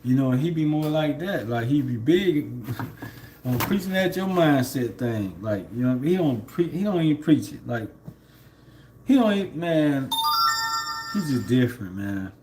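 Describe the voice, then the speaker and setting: Over music, a man at home livestreams a loose, rambling spiritual talk peppered with fillers and laughs. His mid-range voice is animated and comes at a measured pace.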